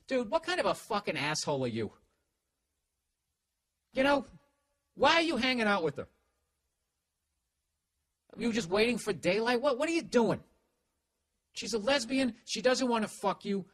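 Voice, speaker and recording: A middle-aged podcast host with a very high voice talks at a moderate pace with long pauses, recorded without any room sound. He tells stories and rants casually, animated and profane, swearing often and restarting loosely.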